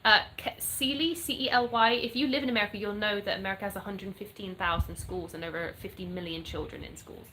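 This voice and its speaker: Brit woman in her 30s, mixed english accent, frank casual chat answering comments, bright voice. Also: mid-range voice, fairly even intonation, fast talker, hardly any pauses, a little hiss or hum, poor audio. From born in the US, raised in England. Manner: frank, chatty, reads questions then answers. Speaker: content creator answering viewer comments. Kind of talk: casual live chat reading comments aloud. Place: home in North Florida.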